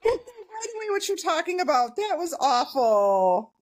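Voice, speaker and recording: A woman co-hosting a casual podcast, reacting with incredulous, expressive exclamations. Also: sits high, moderate pace. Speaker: podcast co-host. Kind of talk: casual chat.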